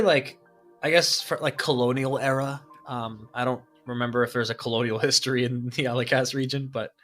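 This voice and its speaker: Bright-voiced man laughing through game chat. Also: mid-range voice. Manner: laughs often, halting and hesitant. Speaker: tabletop game player. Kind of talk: casual chat at a tabletop game.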